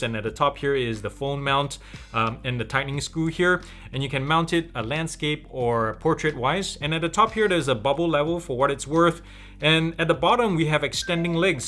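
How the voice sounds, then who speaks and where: A man's voice: medium pitch, fairly bright tone. A man from Malaysia hosting a tech show, walking through a product in a chatty, explanatory way. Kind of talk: casual product review.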